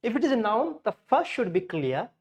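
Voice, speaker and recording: A man's voice: extremely high pitch, very animated, fairly quick. A man teaching a pronunciation class, explaining step by step, dropping in Hindi glosses and correcting himself as he goes. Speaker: English teacher. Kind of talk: classroom lesson.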